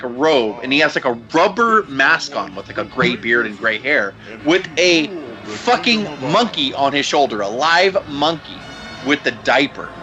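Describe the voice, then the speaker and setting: A male podcast co-host tells a story in a loose, profane, laughing way. His bright, somewhat high voice swings up and down a lot. The recording is a bit dull and lo-fi. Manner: profane, laughing, animated retelling. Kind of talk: casual storytelling chat.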